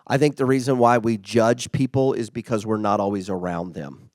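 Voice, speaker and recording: Low-voiced man giving a casual talk. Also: steady tone, moderate pace, a little mellow, no room sound. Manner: conversational, acts out quoted remarks. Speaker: workplace leader giving a devotional talk.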